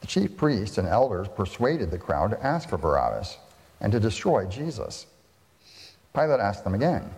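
A man reading scripture aloud as a lector, in a formal, measured way, in a reverberant hall. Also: fairly low pitch, expressive.

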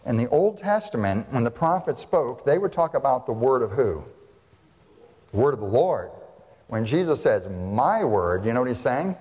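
A man's voice: mid-range voice, darkish tone, big-room sound. A man, a pastor, preaching a sermon and putting rhetorical questions to his congregation.

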